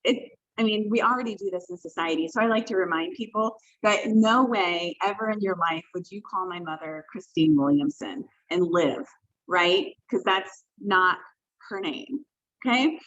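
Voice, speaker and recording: A woman's voice: medium pitch, moderate pace, fairly bright tone. Woman trainer leading a workshop call. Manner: conversational and emphatic, with self-corrections. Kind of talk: workshop presentation on a video call. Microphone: video call. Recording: dull lo-fi video call audio.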